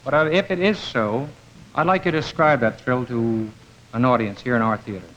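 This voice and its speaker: A man hosting a live variety show on a theater stage. He introduces a guest in a halting way, with restarts and fillers. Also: medium pitch, a bit bright, dull audio. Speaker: host. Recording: noisy live theater audience.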